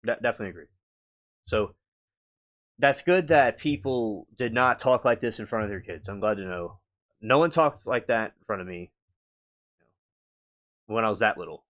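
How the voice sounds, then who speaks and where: A man hosting a live stream, reacting casually to chat, halting and meandering with many restarts. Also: on the low side, a bit bright, muffled recording.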